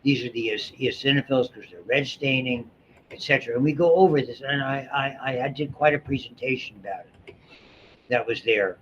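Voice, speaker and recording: A middle-aged man lectures a biology class in a chatty, rambling way, often restarting his sentences and wandering into asides. His voice sits at an ordinary pitch. The classroom recording sounds dull, with a faint hiss underneath. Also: a little fast, a bit bright. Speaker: biology instructor.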